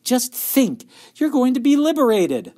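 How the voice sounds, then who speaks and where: A man plays an excited, bookish older sister in a storybook. She gushes in high, loud exclamations. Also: a little slow, exaggerated voice. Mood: gushing. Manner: gushing, high-pitched exclamations.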